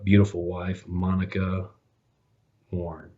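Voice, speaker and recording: Podcast host, male, low voice, chatty storyteller, plenty of "uh"s and restarts, dull lo-fi sound. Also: monotone, unhurried. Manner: rambling, many restarts and fillers, laughs at own stories. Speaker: podcast host, guest this episode. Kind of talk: casual storytelling chat.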